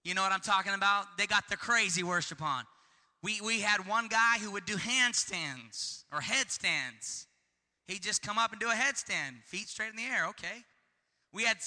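A male preacher delivering a fervent sermon, repeating phrases and building to shouts. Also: high-pitched, in a large hall.

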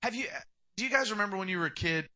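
Young male pastor, sermon delivery, high and very bright voice, emphatic. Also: lively intonation, very fast. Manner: emphatic preaching, acts out quoted speakers.

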